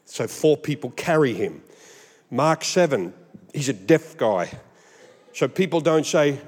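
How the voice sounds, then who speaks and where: An Australian man preaching a sermon, animated and humorous, mimicking voices as he goes. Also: fairly high pitch, a little slow, long pauses, big-room sound. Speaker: pastor.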